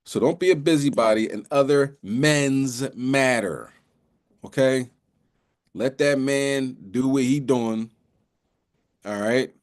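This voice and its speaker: A man's voice: mid-range voice, takes it slowly, pauses often. A man giving a casual bible lesson, talking in a loose, conversational way with many restarts and repeated "you know"s. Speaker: religious teacher.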